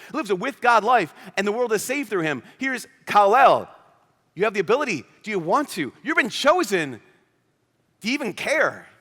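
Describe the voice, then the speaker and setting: Animated preacher in a reverberant hall. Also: male voice, high voice. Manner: animated storytelling, acts out quoted characters. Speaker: priest. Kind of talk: youth conference homily. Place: large conference hall.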